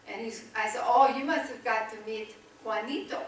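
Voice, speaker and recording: A middle-aged woman missionary telling a lively story from the pulpit and acting out both sides of a conversation. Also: a little high, brisk, slight background noise. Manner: animated, chatty storytelling with quoted dialogue. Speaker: missionary guest speaker. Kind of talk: storytelling testimony in a church service. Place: church sanctuary. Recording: echoey church hall, voice from a distance.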